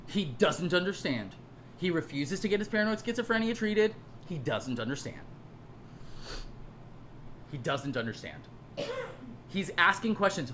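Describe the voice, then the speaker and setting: A speaker giving a sarcastic, mocking commentary rant, recorded at home on camera. The pitch swings widely and lively, with frequent laughter. A faint hum of room ambience sits behind the voice. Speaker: commentary creator. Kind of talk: casual ranting commentary to camera.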